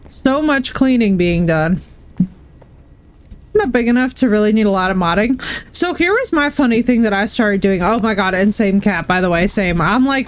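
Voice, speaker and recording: A woman live-streaming a game and talking straight to her chat at a desk mic. Her voice sits a little above the usual woman's range. She is loose and candid, drops swear words and calls everyone bro or dude. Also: fairly high pitch. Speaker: Twitch streamer. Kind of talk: casual live-stream chat while gaming.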